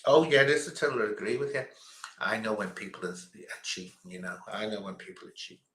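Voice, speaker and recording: A man's voice: lowish voice, expressive, fast talker, a bit bright, roomy sound. A man hosting a casual quiz stream, chatting and rambling between questions. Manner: chatty, rambling, chuckling asides. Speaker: quiz host.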